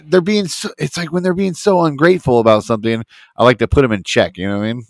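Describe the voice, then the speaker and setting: A man's voice: mid-range voice, fast, no echo. Laid-back man chatting about his kids. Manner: relaxed, laughs often, fills with "you know what I mean". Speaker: podcast co-host. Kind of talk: casual chat.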